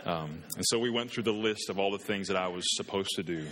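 A man's voice: deep voice, fast talker, fairly bright tone. A man in his thirties preaching a sermon as a pastor, earnest and building to impassioned pleading. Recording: long reverb of a large hall.

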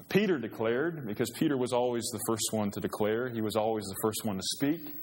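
A man's voice: fairly low pitch, brisk, hardly any pauses, a little mellow. A man preaching a sermon as pastor, earnest and growing emphatic in a church. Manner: earnest, rising to emphatic when quoting scripture. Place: church sanctuary. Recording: long reverb of a church hall.

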